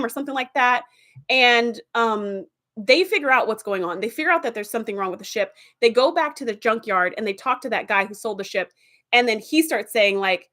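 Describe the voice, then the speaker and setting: A woman's voice: fairly high pitch, normal speed. Chatty woman retelling TV episodes. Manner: animated, chatty, with fillers and laughs. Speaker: TV episode reviewer.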